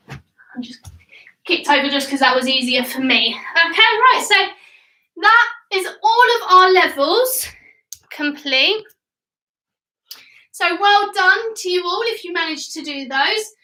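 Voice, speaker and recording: In her 20s, a cheerful kids' gymnastics coach leads a children's workout class at home, counting reps and encouraging everyone. Her high voice is crisp with a sharp tone. A mic placed some distance away catches it echoing around the room.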